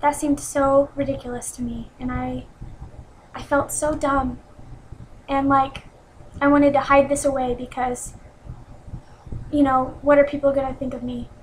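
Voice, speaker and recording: A woman in her twenties telling a personal story in an earnest, self-critical way, with many pauses and restarts. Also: high-pitched, flat delivery, a little hiss or hum, rough recording. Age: 20s. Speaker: vlogger. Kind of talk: personal confessional vlog.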